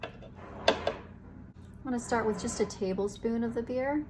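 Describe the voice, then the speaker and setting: Talking slowly in a fairly high voice, a woman walks through a recipe on her home baking show. She keeps up a playful, chatty conversation with the viewer while she works, and the background is noisy.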